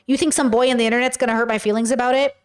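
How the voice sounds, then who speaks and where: Rapid-fire and clean-toned, a slightly high female voice reads out chat messages on a livestream through a webcam or desk mic. The young host is animated and blunt, talking straight to her viewers in a casual way.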